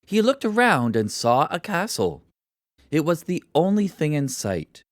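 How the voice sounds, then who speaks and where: A narrator reading a children's story for English learners in a slow, deliberate and expressive way. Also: mid-range voice, no echo, studio quality.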